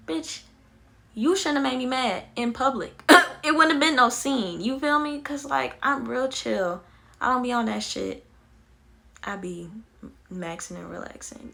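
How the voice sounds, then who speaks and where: A young woman vlogger telling her own story candidly, animated, blunt and swearing freely. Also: on the high side, vocal fry. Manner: animated, blunt and profane, many fillers.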